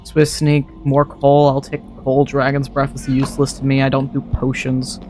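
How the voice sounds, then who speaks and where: A man's voice: mid-range voice, monotone, normal speed, darkish tone, faint music behind. A man streaming a modded game, chatting casually and thinking aloud to himself as he plays. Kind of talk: casual gameplay commentary.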